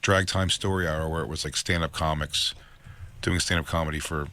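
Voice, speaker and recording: A man co-hosting a casual comedy talk show, telling stories with lively voices for the people in them. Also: rumbling low, fairly quick. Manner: animated storyteller, does voices of others; laughs while telling stories. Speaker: co-host.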